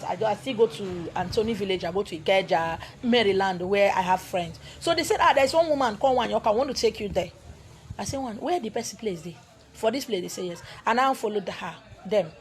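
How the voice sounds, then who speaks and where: A woman with a Nigerian accent telling a story in an animated way, slipping into Igbo and pidgin. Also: on the high side. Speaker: spiritual teacher. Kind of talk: storytelling talk.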